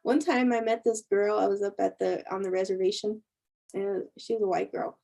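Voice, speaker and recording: A woman who is a spiritual teacher and intuitive healer chats casually on a livestream, telling stories and laughing often. Her medium-pitched voice is mellow with vocal fry, fairly even in intonation, at a normal speed. The recording is rough.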